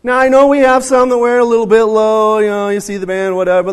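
A man in his fifties delivers a sermon with a slightly high voice. He talks in a loose, conversational way, winding through stories and dropping joking asides. His tone stays easygoing. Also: little pitch movement, fast talker, clean tone. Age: 50s. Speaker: preacher.

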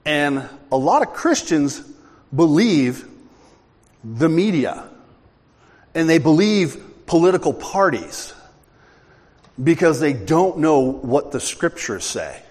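A middle-aged man preaches in an unhurried, joking way, telling stories to his congregation. His voice sits a bit high for a man and swoops animatedly up and down. Long reverb from a large hall trails after his words. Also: big pitch swings, darkish tone. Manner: conversational storytelling, joking with congregation. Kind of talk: sermon.

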